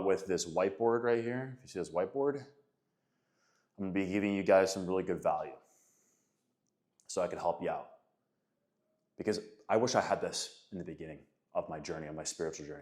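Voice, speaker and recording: A man's voice: low voice, a little mellow. A man in his thirties giving an emphatic, casual motivational talk on faith and self-discipline, often calling listeners guys and man. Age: 30s. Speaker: faith and men's coach. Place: Florida.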